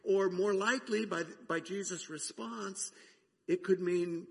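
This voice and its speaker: Gravelly man preaching in a reverberant hall. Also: high voice. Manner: conversational, pausing to reflect on scripture. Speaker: pastor. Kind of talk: sermon.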